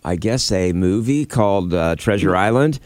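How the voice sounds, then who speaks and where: A man's voice: low voice, lively intonation, moderate pace, a little mellow, no room sound. A man co-hosting a morning radio show, relaying survey numbers and facts he has read in a matter-of-fact way. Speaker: radio co-host. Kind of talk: casual morning radio banter.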